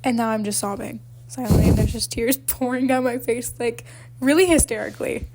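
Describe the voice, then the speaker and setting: Chatty young woman, slightly high voice. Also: steady tone, a little fast, a little mellow, slight background noise. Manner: rambling storyteller, filler-heavy, often laughing. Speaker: podcast co-host. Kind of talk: casual chat.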